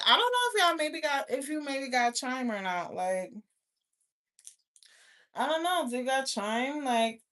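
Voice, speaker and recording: A woman's voice: on the high side, fairly bright tone. A woman rants straight to her viewers. She is blunt and profane, scolding hard and cursing often in a loose, casual vlog delivery. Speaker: vlogger. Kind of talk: casual rant to camera.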